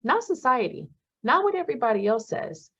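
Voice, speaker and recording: A woman facilitating a self-help class in casual talk, blunt and profane, with animated bursts. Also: on the high side, a little fast, slightly rough, muffled recording.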